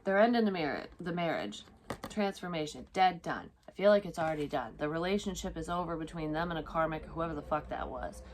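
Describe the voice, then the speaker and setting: A woman's voice: low-pitched, expressive, a little fast, slight background noise. A woman giving a casual, profane tarot reading to the viewer while doing her makeup, rambling as she goes. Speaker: psychic tarot reader.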